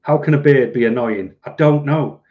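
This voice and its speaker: A man's voice: mid-range voice, moderate pace, phone-quality sound. A middle-aged man chatting casually on a live stream at home, rambling and self-deprecating as he reads out viewer comments. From United Kingdom.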